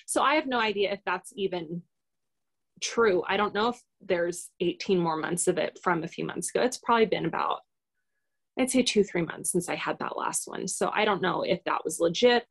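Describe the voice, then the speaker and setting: A woman guest talks through a personal experience in a loose, unscripted way. Her voice has a gravelly, creaky texture, and she keeps pausing on fillers and restarting her sentences. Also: fairly low pitch. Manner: rambling, hesitant, many fillers. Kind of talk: casual personal storytelling in an interview.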